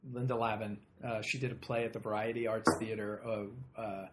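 A man, an actor, telling lively anecdotes in casual chat, swearing casually and laughing often. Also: fairly low pitch, a little fast, slight background noise. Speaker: actor and guest.

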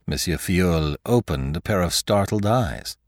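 A man narrating a classic novel for a podcast, measured and expressive. His fairly low voice moves through a wide range, recorded close and dry. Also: no echo. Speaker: audiobook narrator.

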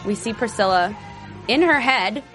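A woman's voice: mid-range voice, lively intonation, measured pace, over music. Giggly rambling woman hosting a recap. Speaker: host. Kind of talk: casual chat recapping a TV episode.

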